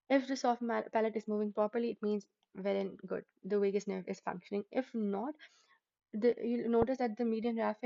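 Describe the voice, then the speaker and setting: A woman talking through an anatomy lesson in a mellow, warm voice, with a dry, slightly muffled sound. She explains step by step, pauses with "uh" and "right?", and fixes her own slips as she goes. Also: medium pitch, no room sound. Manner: explanatory, asks quiz questions, frequent fillers and self-corrections. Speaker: medical anatomy teacher. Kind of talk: lecture-style tutorial.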